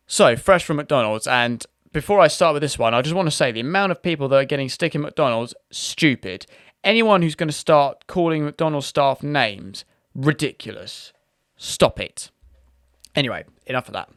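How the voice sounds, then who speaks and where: Chatty British man, fairly high voice. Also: expressive, moderate pace, a bit bright, no room sound, clean studio sound. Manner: chatty, rambling with restarts. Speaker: YouTube host. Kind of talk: casual commentary.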